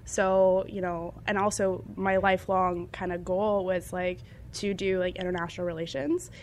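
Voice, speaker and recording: A woman's voice: mid-range voice, moderate pace. Chatty young woman, faint room noise. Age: young adult. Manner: chatty, animated storytelling with frequent laughs. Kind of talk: casual chat.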